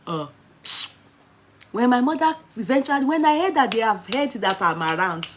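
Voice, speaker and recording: A woman in her forties with a Nigerian accent, telling a personal story in an animated way and slipping into Nigerian Pidgin. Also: fairly high pitch, moderate pace, slight background noise.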